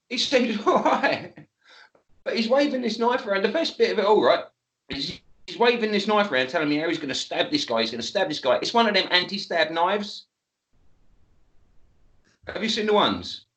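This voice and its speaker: A man spins an animated tale. He laughs often and swears freely. His voice sits a bit high and rings in a roomy space. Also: moderate pace, long pauses. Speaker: guest. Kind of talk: casual storytelling.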